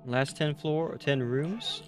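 A man live-streaming a horror game, chatting with his viewers, tired after a night with little sleep, and jumping to loud excitement at the scares. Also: fairly high pitch, slow pace, soft background music.

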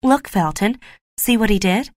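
A woman's voice: medium pitch, moderate pace, dry recording, studio quality, natural voice. A woman reading the lines of a scheming young woman who pleads and plays the victim. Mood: pleading.

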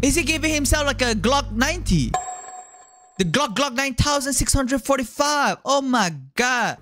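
A man giving jokey, excitable commentary while playing a horror game, often yelping and screaming. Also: very high-pitched, normal speed, faint music behind. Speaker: gaming YouTuber.

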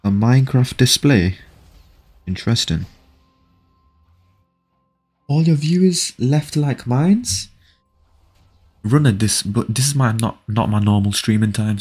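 Over faint background music, a young man streams a game, his fairly low voice slightly rough. He chats with viewers and excitably begs a friend to fight, laughing as he talks to chat.

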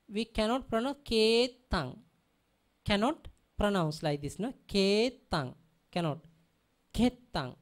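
A woman teaching a language lesson, patiently repeating example words and checking that her students understand. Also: mid-range voice. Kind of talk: classroom lesson.

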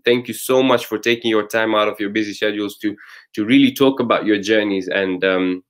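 His voice is lowish and steady, a little fast. This host and Quran recitation teacher gives a casual, patient summary of recitation lessons, often stopping to restart and using many fillers.

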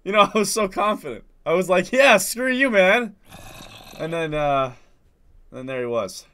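A man's voice: animated, moderate pace, a bit bright. Jumpy young man with a stuffy nose. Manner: jumpy, swings from low muttering to sudden screams. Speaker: gaming video host. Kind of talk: horror game commentary.

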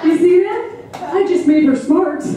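A woman's voice: very high-pitched, moderate pace. A woman in her thirties doing a brash, profane comic monologue on stage, talking straight to the audience. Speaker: mother performing a one-woman comedy show. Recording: echoey room picked up from far off with background noise.

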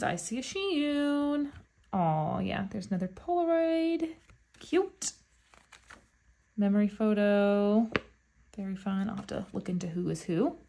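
A woman's voice: mid-range voice, gravelly, slight background noise. Gushing woman unboxing albums. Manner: gushing, with frequent excited gasps. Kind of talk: casual unboxing chat.

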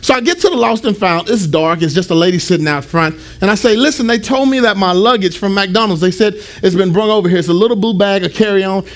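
A male pastor preaching a storytelling sermon, animated, acting out the dialogue in his story. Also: sits high, fast talker, hardly any pauses.

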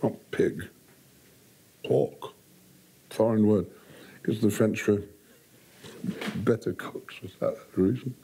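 Male commentator, deep and raspy, slow deliberate delivery. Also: steady tone, mellow, a little hiss or hum.

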